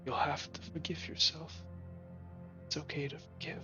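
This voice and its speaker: A man voicing a stern but gentle cat-folk father who gives quiet, solemn counsel to his son in a tabletop game. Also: mid-range voice, a little slow, muffled recording, soft background music.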